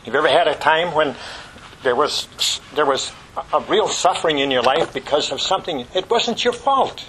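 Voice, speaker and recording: A man preaching a sermon with passion, rising to loud exclamations and dropping to hushed whispers, asking the congregation rhetorical questions. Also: on the high side, brisk, slight background noise, poor audio.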